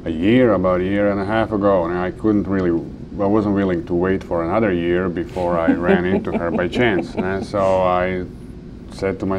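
A man from Croatia, a guest artist telling a self-deprecating, animated story in a casual interview. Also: sits low, normal speed, lo-fi sound, background noise.

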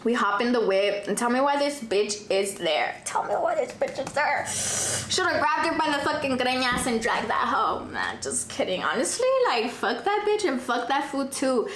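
A woman's voice: fairly high pitch, very animated, normal speed, a bit bright, slight background noise. Profane, dramatic young woman in an echoey room. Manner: profane, dramatic, mixes Spanish phrases. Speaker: vlogger. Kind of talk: casual storytime. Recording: echoey room, faint ambience.

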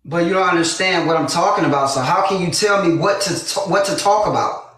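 A man's voice: high-pitched, fast talker, fairly bright tone. A man on a casual livestream who insists on explaining himself and raises his voice. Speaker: livestream guest. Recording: echoey room.

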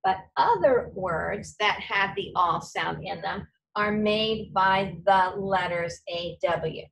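Lady teacher explaining phonics real slow, mic kinda far away. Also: medium pitch, lively intonation, gravelly, a bit bright. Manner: patient, slow, step-by-step explaining. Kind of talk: recorded reading lesson for children.

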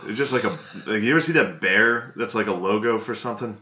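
A man co-hosting a podcast in crude casual banter, teasing and deadpan, with plenty of swearing. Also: lowish voice, fast, a crowd in the background. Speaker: podcast co-host. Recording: lo-fi, roomy laptop mic.

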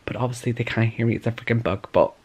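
A man chatting in a casual reading vlog, gushing and animated, with lots of "like" fillers, recorded on a camera at home. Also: mid-range voice, fast, breathy edge. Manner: gushing and animated, heavy use of "like". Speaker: book vlogger. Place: room at home, lights off at times.

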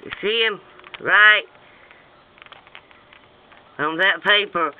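A man rambling excitably in a casual outdoor home video, chanting a singsong rhyme as he shows off insects in the sand. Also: a little high, slow, pauses often, clear, resonant tone. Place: outdoors on sandy ground. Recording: tinny lo-fi phone-like sound with faint noise.

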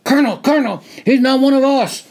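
A man doing an alarmed shouting army captain. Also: very high voice, huge pitch swings, unhurried, voice pushed up, heavily acted. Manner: shouting, accusing.

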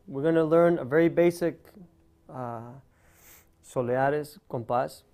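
A man's voice: on the high side, slow pace, dark tone. A man giving a guitar lesson, explaining step by step and counting beats aloud over his own guitar playing. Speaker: guitar teacher.

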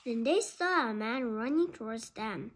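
A woman reading a children's book aloud, slowly and carefully. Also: fairly high pitch, animated. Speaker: storybook reader.

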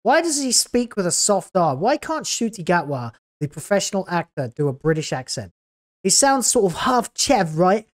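A woman's voice: lowish voice, very animated, normal speed. A woman hosting a video reaction, talking in a sarcastic, scathing way with exasperated groans. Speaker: YouTube reaction host.

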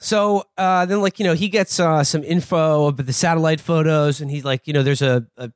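A man's voice: a little high, fairly even intonation, fairly quick, no room sound. Guy on a podcast rambling thru a tv recap, lots of likes, dry close mic. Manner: rambling, lots of "like" and "you know", laughs often. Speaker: podcast host. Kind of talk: casual recap of a TV show.

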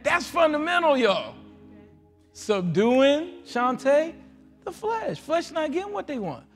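A man preaching a folksy, joking sermon as pastor, acting out voices and rising into loud prayer. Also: extremely high pitch, wildly swooping pitch, takes it slowly, soft background music. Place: large church sanctuary.

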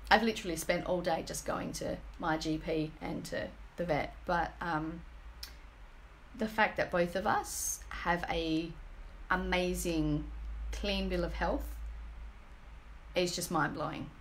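A woman's voice: fairly low pitch, slight background noise. Earnest woman gushing in a home vlog. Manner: earnest, gushing, halting with many fillers. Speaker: energy healing business team member. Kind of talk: emotional personal testimonial vlog. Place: home, indoors.

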